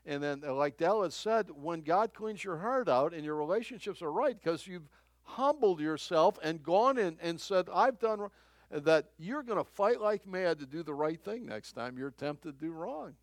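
A man's voice: fairly high pitch, expressive, normal speed, no room sound. An older man preaching, telling a personal story in a conversational, chuckling way with frequent restarts. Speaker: pastor.

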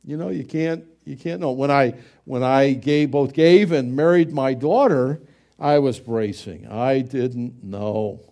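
A man's voice: mid-range voice, a little slow, gravelly, dark tone. A middle-aged male pastor preaching a sermon in a conversational way, with frequent fillers and restarts.

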